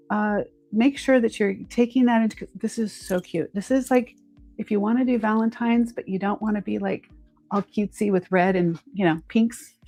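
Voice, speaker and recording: Hosting a live jewelry auction stream, a woman speaks with a mellow, mid-range voice touched by vocal fry. She's chatty and upbeat, talking straight to her viewers and calling them "you guys" as she sells.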